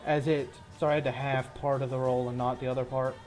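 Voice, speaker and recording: A man's voice: mid-range voice, flat delivery, fast, darkish tone, faint music behind. A man narrating a tabletop game as game master, mixing rules talk with casual descriptions of a fight.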